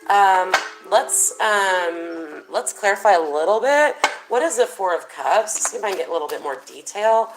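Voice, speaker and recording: A woman's voice: lowish voice, low-quality recording. A woman doing a casual tarot reading, chatty and thinking aloud with plenty of fillers. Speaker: tarot reader.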